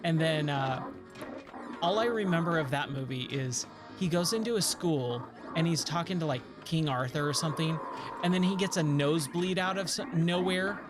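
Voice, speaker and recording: A streamer playing arcade games chats casually over loud game music, rambling and easily sidetracked. His voice is fairly high and he talks at a normal speed.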